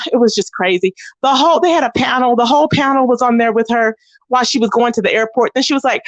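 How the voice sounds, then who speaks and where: A woman's voice: fast talker, no echo, dull audio. A woman hosting a livestream, chatting casually with her viewers and acting out the people she talks about. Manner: animated, acts out quoted voices in a higher pitch. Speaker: livestream host. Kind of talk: casual gossip chat with viewers.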